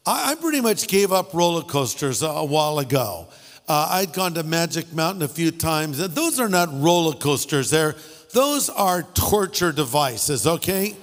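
A middle-aged man with a high, light voice preaches in a big hall with a long echo. He tells funny stories and makes wry asides, and faint music sits behind him. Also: sing-song, moderate pace. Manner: storytelling with jokes and asides. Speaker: pastor. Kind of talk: humorous sermon.

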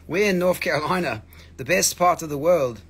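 Man, live-sale host: husky, gravelly, a bit higher than most, loose joking banter, keeps clearing his throat. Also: normal speed, a bit bright. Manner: joking, rambling, teasing viewers. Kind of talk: casual livestream sales chat. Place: shop studio, indoors.

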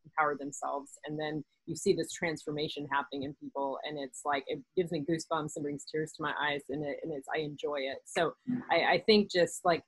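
Woman host, lower voice, chatty, filler-heavy explainer, dry close sound. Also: fairly quick, slightly rough, no echo, low-quality recording. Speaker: podcast host, doctor. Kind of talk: casual conversational interview.

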